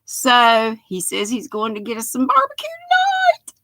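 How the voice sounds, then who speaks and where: A woman's voice: fairly high pitch, steady tone, unhurried, sharp tone, no echo. An older woman with a Southern accent, hosting a casual livestream, chatting folksily and greeting viewers one by one by name. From North Carolina. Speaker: livestream host.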